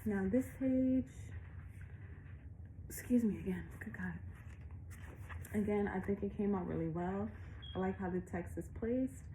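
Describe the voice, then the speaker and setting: A woman's voice: mid-range voice, warm tone, slight background noise, low-quality recording. A woman illustrator walking through her picture book in a casual, chatty way, out of breath and laughing often.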